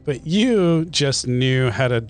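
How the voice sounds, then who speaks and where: A man narrating a tabletop game as game master, in a relaxed, loose manner. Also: medium pitch, slow pace, soft background music.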